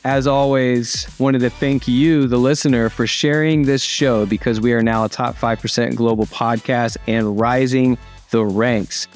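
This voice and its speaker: A man's voice: mid-range voice, fairly even intonation, a little slow, few pauses, soft background music. A man hosting an interview podcast, upbeat and chatty, often restarting his sentences. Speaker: podcast host.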